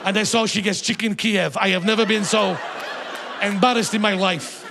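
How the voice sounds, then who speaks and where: A man's voice: sits high, fairly even intonation, moderate pace, creaky, background noise. A man voicing a weary Ukrainian man who laments in broken English.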